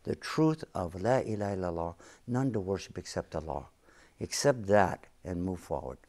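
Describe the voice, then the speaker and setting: Speaking at a moderate pace in a low, expressive, slightly mellow voice, a male sheikh guesting on a show lays out his faith. He is earnest and emphatic in this interview-style religious teaching, returning again and again to key phrases.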